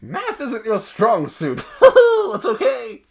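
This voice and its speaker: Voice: medium pitch, wildly swooping pitch, slow, vocal fry. A podcast co-host in playful, teasing casual chat, laughing often.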